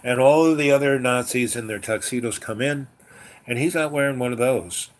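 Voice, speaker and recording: A man's voice: mid-range voice, normal speed. A man casually retelling a dream, rambling with lots of fillers and chuckling asides. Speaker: storyteller.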